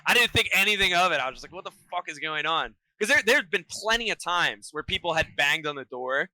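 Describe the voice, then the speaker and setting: A man with a bright, forceful voice that sits a little high for a man. He tells a story excitably on a podcast, swearing freely and throwing in slang. The sound is dry and close, with almost no room around it. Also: fast talker, no room sound, rough recording. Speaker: podcast guest, vocalist. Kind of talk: casual storytelling chat.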